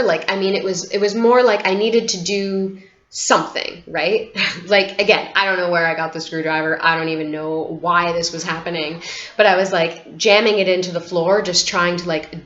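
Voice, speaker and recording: Her voice lowish and a little bright, a woman vlogger moves at a moderate pace as she shares a personal story on camera. She's candid and meandering, full of "like" and unfiltered cursing. The sound comes from a dull, lo-fi home setup with noticeable room.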